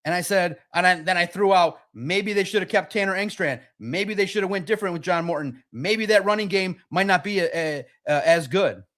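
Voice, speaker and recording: A man hosting a casual sports talk livestream, excitable and rambling, with a slightly raspy voice. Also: high-pitched, brisk, few pauses. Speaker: podcast host.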